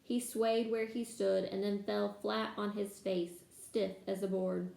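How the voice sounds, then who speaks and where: Woman reader, steady storytelling, dark, gravelly voice, echoey room with faint hiss. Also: mid-range voice, unhurried. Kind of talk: reading a novel aloud.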